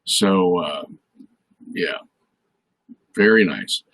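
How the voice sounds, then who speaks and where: A man's voice: low-pitched, lively intonation, very slow, a bit bright, slightly rough, no echo, low-quality recording. An older man hosting a live question show, talking casually and rambling with many fillers and restarts. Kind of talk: casual live-stream talk.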